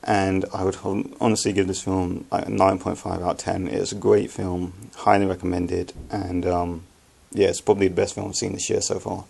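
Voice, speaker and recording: A young man giving a casual, halting film review, with many ums and restarts as he talks to his viewers. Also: low-pitched, level tone, vocal fry, a little mellow, slightly rough.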